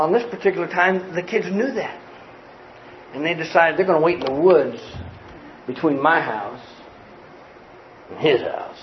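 A man from the United States preaching a sermon, telling a childhood story with lively shouts and acted-out voices. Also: sits high, echoey room, dull audio, a little hiss or hum. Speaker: pastor.

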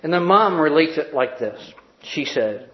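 A man preaching who reads a story aloud to his congregation in an earnest way, easing down softly at the tender parts. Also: a little high, animated. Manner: earnest, slowing and softening at tender moments. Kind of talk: reading a story aloud in a sermon. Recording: roomy, dull sound.

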